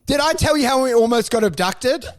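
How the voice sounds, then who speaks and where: A man co-hosting a comedy podcast, telling animated stories in casual chat and acting out the people in them. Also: extremely high pitch, brisk. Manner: animated storyteller, acts out voices. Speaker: podcast co-host.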